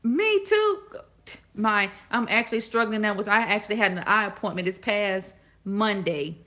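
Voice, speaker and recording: A woman in her forties chatting casually to a live audience, talking fast and often pausing to find her words. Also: mid-range voice, steady tone, sharp tone. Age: 40s. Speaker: vlogger.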